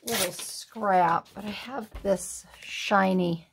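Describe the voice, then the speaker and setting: A woman's voice: mid-range voice, slow pace, a little hiss or hum. A woman hosting a card-making tutorial, thinking aloud in a casual, musing way as she works. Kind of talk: casual crafting tutorial talk.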